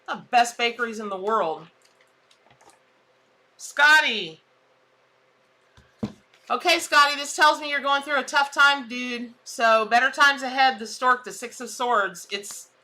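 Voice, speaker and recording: A woman, a tarot reader chatting casually on a live stream, exclamatory and quick to laugh at her own jokes. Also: on the high side, sharp tone.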